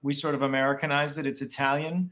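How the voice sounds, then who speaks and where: A man's voice: a little high, flat delivery, quick pace, a bit bright. A middle-aged man from Pennsylvania, a guest actor chatting playfully over a video call. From Pennsylvania, USA. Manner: playful, joking. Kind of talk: casual interview chat.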